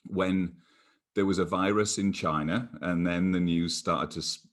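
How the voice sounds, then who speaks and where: A man's voice: deep voice, steady tone, a little slow. A man hosting a church interview online, speaking hesitantly with many ums and restarts.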